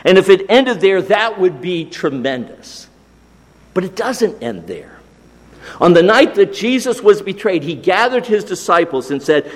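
A man preaches slowly and deliberately, with a rather high voice that rises and falls widely. He lets key phrases sink to a near whisper. His words ring out with a long reverb, as in a church sanctuary. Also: sing-song. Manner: slow, deliberate, drops to a hush on key phrases. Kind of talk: sermon.

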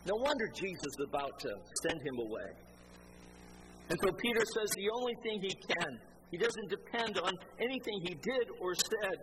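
Male preacher, slightly high voice, storytelling sermon delivery, noisy ambience. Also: normal speed. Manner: animated, acts out quoted dialogue.

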